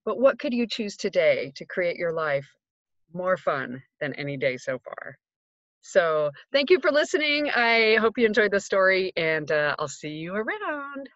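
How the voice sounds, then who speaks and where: A woman's voice: lowish voice, sing-song, unhurried, a bit bright, no echo, dull audio. Chatty woman in a dry home booth. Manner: chatty, many "uh" fillers, upbeat. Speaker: audiobook narrator and life coach. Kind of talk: casual personal story to camera. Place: small home recording booth.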